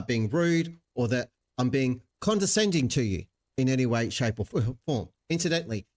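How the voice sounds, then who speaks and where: A man hosting his channel, chatting casually and reacting to a video with wry, sarcastic asides. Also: mid-range voice. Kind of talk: casual live-stream commentary.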